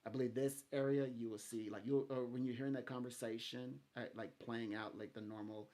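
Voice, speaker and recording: A man giving a phone psychic reading, talking gently and haltingly with many restarts and fillers. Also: medium pitch, fairly even intonation. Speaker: psychic reader.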